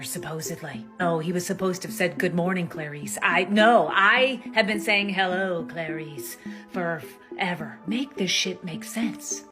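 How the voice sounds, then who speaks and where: A woman venting to her viewers in a loose, profane, disbelieving way. Her voice sits a little low for a woman. Music plays clearly underneath her. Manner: exasperated, profane, incredulous. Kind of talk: casual vlog rant. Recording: music playing behind the voice.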